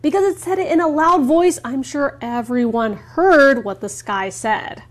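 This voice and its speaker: A woman teacher slowly explaining words in a story for English learners. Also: sits high. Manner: slow, clear explanations.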